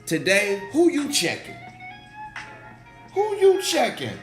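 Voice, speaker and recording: A slightly hoarse man, a pastor hosting a faith livestream, talking casually and animatedly, repeating phrases and calling out to viewers in the chat. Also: high voice, huge pitch swings, slow pace. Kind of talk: casual livestream preaching talk. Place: indoor room, livestream. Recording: echoey room with faint music.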